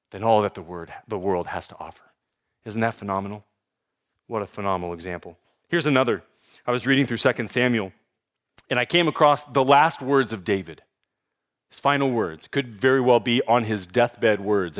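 A man preaching a sermon in a church, dropping to hushed emphasis and building to loud, announcer-style peaks. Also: medium pitch. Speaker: pastor. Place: church in Sacramento.

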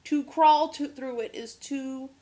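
A woman's voice: high voice, steady tone, slow pace, mellow. Chatty woman podcast co-host, laughing. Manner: chatty, laughs often, swears freely. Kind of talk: casual chat.

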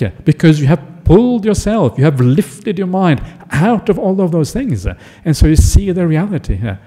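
Mellow-voiced man giving a dharma talk. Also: a little high. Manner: chatty, asks listeners "yeah?" often. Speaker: Buddhist monk teacher. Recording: echoey hall.

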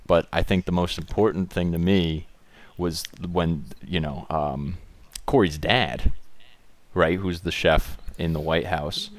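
A man's voice: deep voice, slow pace. A man chatting casually and joking, rambling through bits and doing goofy impressions. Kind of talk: casual chat.

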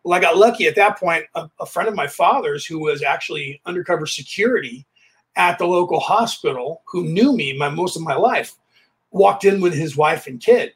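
High, husky man telling stories. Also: normal speed. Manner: animated, re-enacts dialogue while telling stories. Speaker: podcast host. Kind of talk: casual anecdotal storytelling.

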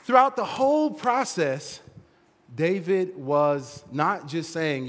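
Young man, playful storyteller, high voice, laughs often, church hall, long reverb. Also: slow pace, a little hiss or hum. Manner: animated, laughs often, plays with action figures. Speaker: children's ministry presenter.

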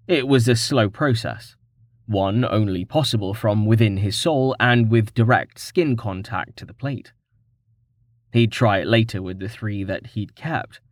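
Slow, expressive male audiobook narrator. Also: lowish voice, dry recording, studio quality. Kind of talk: scripted fantasy narration.

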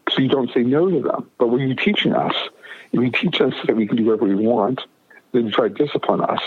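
A man with a husky, breathy voice recounts a personal story as a radio interview guest. He talks emphatically and keeps circling back over his words. The sound is narrow and tinny, like a phone line. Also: mid-range voice, fast talker. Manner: emphatic, repeats and restarts phrases.

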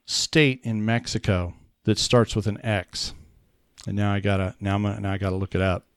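A man's voice: lowish voice, fairly even intonation, normal speed, smooth, no room sound, clean studio sound. A man co-hosting a casual podcast chat, rambling and often restarting his sentences with fillers. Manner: rambling, self-correcting, many fillers. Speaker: podcast co-host.

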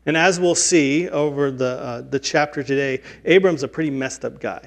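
A man's voice: medium pitch, normal speed, gravelly. A man in his forties, a pastor giving an earnest, conversational, self-deprecating sermon in a church. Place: church sanctuary.

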